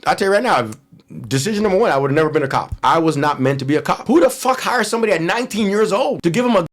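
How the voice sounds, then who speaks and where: A middle-aged man from Miami tells his prison and street stories in rapid, tumbling bursts. His voice sits a touch high for a man, and he swears freely and slips into the voices of the people he quotes. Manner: profane, animated storyteller who acts out the people he quotes. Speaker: interview guest, ex-cop and ex-convict. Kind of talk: candid storytelling interview.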